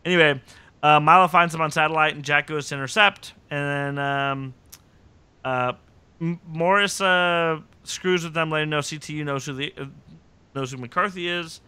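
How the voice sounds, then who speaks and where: At normal speed, in a fairly high-pitched, clean-toned voice, a man hosting a podcast casually recaps a TV episode. He's animated and puts on voices to act out the characters' lines.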